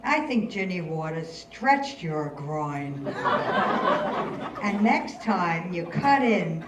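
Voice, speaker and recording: A woman's voice: on the low side, sing-song, extremely slow, heavy background noise, full character voice. An older woman reading as a wry, rebellious rich girl. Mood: sardonic. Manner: sardonic, theatrical. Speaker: actor in a staged reading. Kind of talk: stage reading of letters. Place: stage in a hall. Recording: roomy, distant hall recording.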